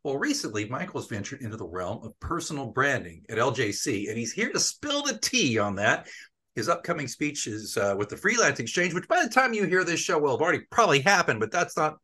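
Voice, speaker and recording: A man's voice: mid-range voice, very animated, fairly quick, sharp tone, breathy edge. A middle-aged man hosting an interview podcast, chatty and joking with an old friend. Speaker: podcast host. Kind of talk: casual interview chat.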